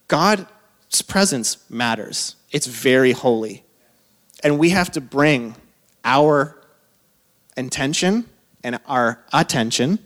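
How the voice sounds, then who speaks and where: A man in his thirties preaching from the pulpit in a loose, chatty way. His voice sits at an ordinary pitch, and he breaks into quick laughs and offhand asides between his points. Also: fairly bright tone. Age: 30s. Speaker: pastor. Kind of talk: sermon.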